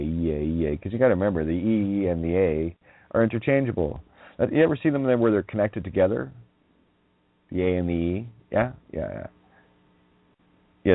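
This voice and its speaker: A man's voice: sits low, vocal fry, dry recording. A man, hosting a radio show, rambling through wordplay with frequent laughter and profanity. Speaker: radio host. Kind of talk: rambling monologue. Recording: dry, phone-like line.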